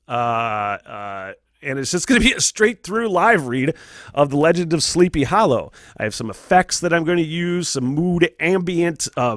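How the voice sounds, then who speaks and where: A man's voice: on the high side, a bit bright, dry recording, studio quality. Profane, chatty male podcast host. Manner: profane, rambling, laughs often. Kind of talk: candid casual monologue.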